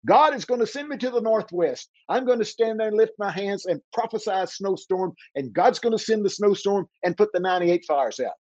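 Brief: a man giving God's voice as a plain, direct command, fairly high voice, dull lo-fi sound. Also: expressive, brisk, few pauses, darkish tone, dry recording. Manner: plain quoted speech in his own voice. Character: God speaking to him, calm male voice.

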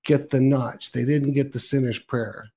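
Mid-pitched male host; casual, rambling anecdote voice with quoted asides. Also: steady tone, unhurried, dark tone. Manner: rambling storyteller, quoting himself and others. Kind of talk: casual ministry talk show chat.

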